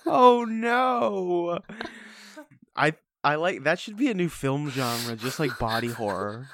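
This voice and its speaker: A man casually chatting about a movie, rambling and joking, with quick silly impressions. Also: medium pitch, expressive, noisy background. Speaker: podcast co-host. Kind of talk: casual film review chat.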